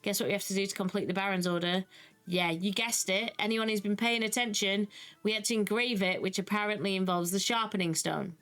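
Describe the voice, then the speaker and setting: A young British woman giving casual, animated commentary on a video game she is playing, with exasperated asides. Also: mid-range voice, brisk, faint music behind. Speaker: gaming YouTuber. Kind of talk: casual let's-play commentary.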